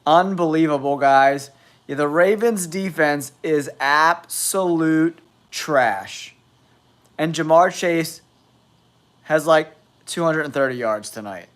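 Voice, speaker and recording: A man's voice: fairly high pitch, slow pace, a bit bright. A man with a nasal voice from a cold, hosting a live football stream with blunt, exasperated commentary. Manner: blunt, exasperated trash talk. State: has a cold.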